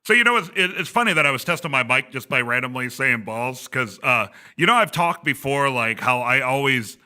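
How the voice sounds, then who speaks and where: A man's voice: mid-range voice, lively intonation, brisk, pushed and bright. A man in his thirties, a podcast host telling a rambling story and laughing often, speaking from a glass conference room. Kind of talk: casual chat.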